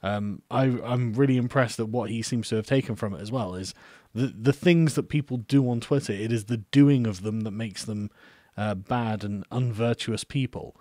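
A man hosting a casual live stream, reading out viewer messages and answering them in a relaxed, hesitant way with frequent ums and easy laughs. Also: lowish voice, normal speed, no room sound, clean studio sound.

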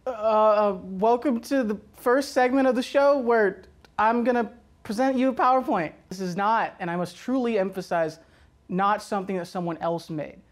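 A woman's voice: medium pitch, moderate pace. A woman presenting a slideshow in a comedy show with mock seriousness. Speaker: segment presenter.

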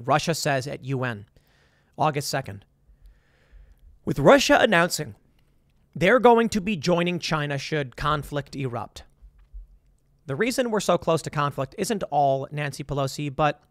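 Animated high-voiced male political commentator. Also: normal speed, no room sound, studio quality. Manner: animated and sarcastic, reads news aloud.

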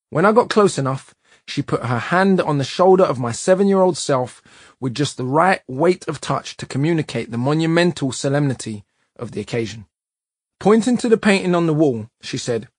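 A man reading a nonfiction audiobook in a measured, emphatic way. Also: medium pitch, husky, no echo, studio quality. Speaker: audiobook narrator.

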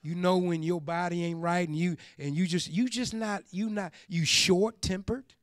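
A pastor preaching a sermon, repeating phrases for emphasis and building up to shouts. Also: male voice, high voice, steady tone, normal speed, no echo, clean studio sound.

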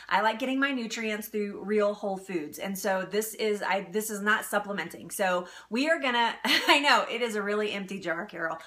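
A woman's voice: medium pitch, sharp tone. A woman hosting a live cooking stream, chatting casually, laughing often and answering viewer comments. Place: home kitchen.

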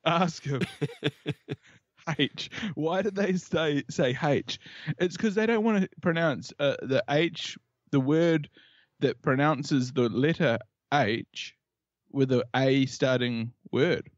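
Here a man from New Zealand, accent to match, talks slowly in a voice that sits a little high. The sound is lo-fi and free of room sound. He's a guest on a laid-back podcast, chatting playfully, riffing on jokes and repeating bits as he goes.

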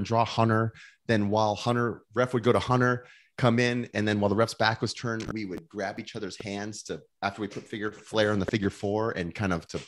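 Laughing man telling a backstage story. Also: lowish voice. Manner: animated, laughs often, repeats himself. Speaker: podcast guest. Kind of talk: casual storytelling anecdote.

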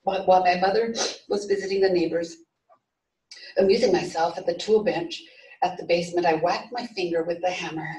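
A woman reading a story aloud at a memorial service, in a steady storytelling manner with small restarts. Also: on the low side, a little fast. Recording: echoey room, voice from far off.

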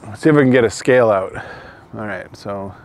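A man's voice: lowish voice, fairly quick. A man vlogging on his own outdoors, talking himself through a first try at a new instrument, self-deprecating and chuckling as he thinks aloud. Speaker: channel host trying bagpipes. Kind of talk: casual solo vlog. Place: outdoors in the open.

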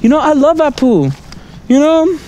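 A very high, warm, very animated male voice moves at a moderate pace, with a little hiss or hum in the audio. He's vlogging outdoors on a city street at night, a rambling casual monologue peppered with "right?", "you know?", and chuckles between thoughts.

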